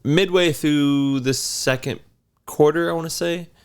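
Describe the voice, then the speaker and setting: A man's voice: fairly high pitch, steady tone, unhurried, clean tone. A man in his thirties casually telling a long, rambling story on a podcast. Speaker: podcast co-host.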